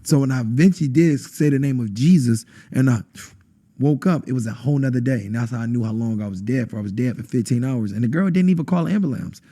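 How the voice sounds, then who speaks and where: Husky man telling a dramatic testimony. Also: fast talker, dark tone. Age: adult, has a wife. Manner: intense, acts out quotes with sudden high bursts. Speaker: podcast guest. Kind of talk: emotional testimony in conversation.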